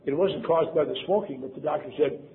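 An older man from Wisconsin recounts his past with dry, self-deprecating humor. His voice sits slightly high and comes through a narrow, tinny channel. A faint hiss lies under it. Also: quick pace. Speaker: storyteller. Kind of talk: personal storytelling. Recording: tinny phone-like sound, faint noise.

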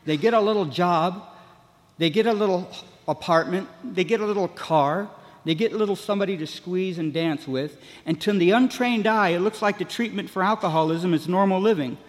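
A man's voice: high-pitched, normal speed. Older man telling a rambling story. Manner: rambling storyteller, frequent "man, you know". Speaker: speaker sharing recovery story. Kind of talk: humorous recovery talk. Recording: long hall reverb.

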